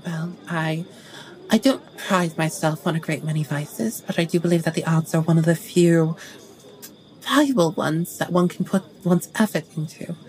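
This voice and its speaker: A woman's voice: on the low side, normal speed, darkish tone, close to an everyday voice, low-quality recording. A woman voicing a haughty Regency society lady who delivers sweetly polite, cutting remarks in a tabletop role-play. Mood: gushing. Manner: sweetly barbed, mock-polite.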